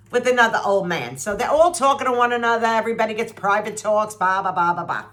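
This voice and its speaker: A woman's voice: animated, a little fast, a bit bright. Brassy sixty-something woman ranting. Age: 60s. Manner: blunt and salty, mocking voices, swings pitch up in disbelief. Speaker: vlogger reviewing a TV show. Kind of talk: animated, sarcastic rant to camera.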